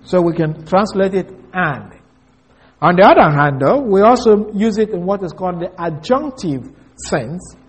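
A man preaching an expository Bible lesson, measured and deliberate, spelling out words and repeating key phrases for emphasis. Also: sits high, expressive, breathy edge.

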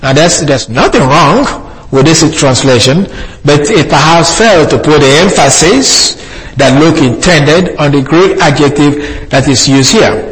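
A man delivers an expository sermon as a pastor, his voice sitting a little higher than most men's. He teaches in a measured, deliberate way and slows down sharply whenever he quotes a verse, leaning on the key words. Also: lively intonation, a bit bright, rough recording.

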